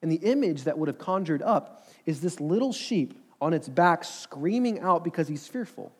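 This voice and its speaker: A man delivers a sermon in an earnest, conversational tone. He keeps asking the listeners questions as he preaches. His voice sits a touch higher than most men's. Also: animated, moderate pace, breathy edge. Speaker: pastor.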